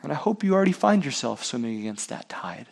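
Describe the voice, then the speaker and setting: A man's voice: mid-range voice, sing-song, fast, vocal fry, a little mellow. A man preaching a sermon, asking rhetorical questions and using sports analogies. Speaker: pastor.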